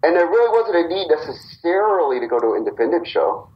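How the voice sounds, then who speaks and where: A man's voice: fairly high pitch, big pitch swings, quick pace, lo-fi sound. A man co-founder of a wrestling company, casually telling a long story on a podcast and acting out the quotes.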